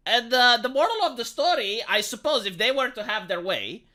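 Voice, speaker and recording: Woman from Romania, sarcastic deadpan reaction commentary, bright tone, lively pitch. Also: a little fast. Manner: dry, mocking, deadpan asides. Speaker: commentary YouTuber.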